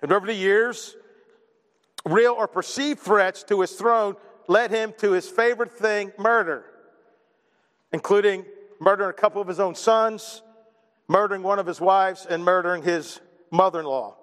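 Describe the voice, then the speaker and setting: A man's voice: high-pitched, normal speed, pauses often, fairly bright tone, in a large hall. A man preaching a sermon, joking and poking fun at himself between points. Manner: joking, self-deprecating asides. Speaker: pastor.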